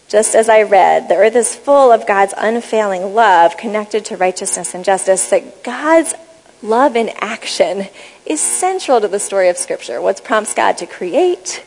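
A woman giving a teaching talk, explaining Bible words and reading passages aloud in a measured, explanatory way. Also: medium pitch, a little mellow, long reverb tail, poor audio. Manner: measured, explanatory, reads scripture aloud slowly. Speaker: speaker on Bible study.

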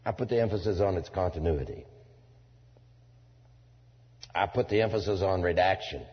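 A man preaching a sermon to a congregation, swinging from loud declaiming to low asides, with folksy turns of phrase. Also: normal speed, slightly rough. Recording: dull lo-fi sound in a reverberant hall.

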